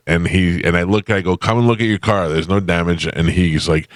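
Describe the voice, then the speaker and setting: Deep low male voice, radio studio host, blunt wry storyteller, dry close mic. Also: steady tone, fast talker, a bit bright, no room sound. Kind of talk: casual radio banter. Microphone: studio microphone.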